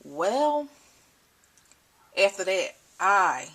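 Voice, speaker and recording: A young mother talking to the camera at home, emotional and choked up, halting and repeating herself. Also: fairly low pitch, a bit bright, slightly rough. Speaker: mother vlogger. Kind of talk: personal vlog talk. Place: at home indoors. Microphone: camcorder built-in mic.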